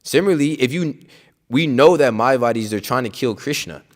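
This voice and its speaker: A man's voice: medium pitch, lively intonation, a little fast. Outspoken man giving a casual religious talk. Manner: conversational, full of "like" and "you know"; emphatic and outspoken. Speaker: speaker at a scripture class.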